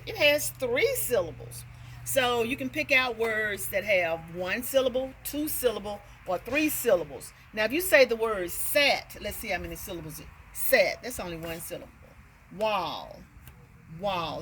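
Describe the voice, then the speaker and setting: A woman's voice: medium pitch, fairly bright tone, a little hiss or hum. A woman teaching parents how to work on reading with a nursery rhyme, sounding out words and checking in with "okay.".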